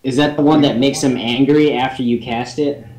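A man's voice: medium pitch, steady tone, moderate pace, a little mellow. Grumbling, teasing male gamer. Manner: grumbling, teasing other players. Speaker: player. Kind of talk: casual game chat. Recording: roomy echo.

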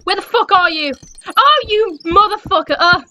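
A young woman playing a horror game, swearing a lot and jumping between frightened shrieks and low mutters. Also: moderate pace, bright, forceful tone. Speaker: gaming streamer.

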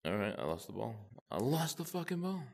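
A young man giving profane, excitable commentary to himself while playing a game. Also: medium pitch, a little fast, gravelly. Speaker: gamer channel host. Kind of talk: gameplay commentary.

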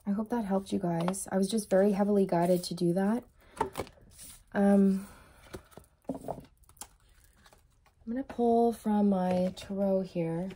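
A woman giving a channeled tarot reading, talking in a soft, emotional, reassuring way and often checking in with "okay?". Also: medium pitch, steady tone, slow, pauses often, background noise. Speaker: tarot reader.

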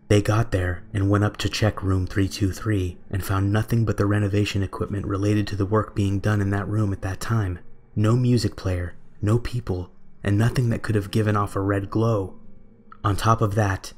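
Man, young adult, scripted horror narration, low pitch, faint background music.

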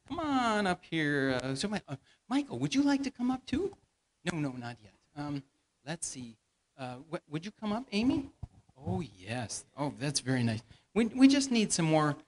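A man, a church elder, teaching a Bible lesson by playfully directing volunteers through a staged skit in front of a congregation. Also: a little high. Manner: playful, directing volunteers and feeding them lines. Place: church hall before a congregation.

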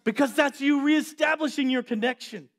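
A young man preaching a sermon as a youth pastor, animated and acting out quotes and voices. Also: extremely high pitch, normal speed.

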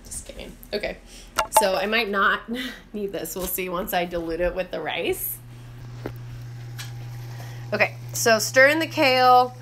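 A woman's voice: medium pitch, a little slow, long pauses, noisy background. A woman giving a casual, chatty cooking demonstration in her home kitchen, mixing instructions with friendly asides. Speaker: cooking vlogger and teacher.

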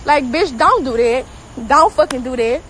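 A woman's voice: sits high, lively intonation, moderate pace, fairly bright tone, a little hiss or hum, rough recording. A woman delivering an angry, profanity-filled social media rant, talking heatedly and repeating herself. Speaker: celebrity girlfriend.

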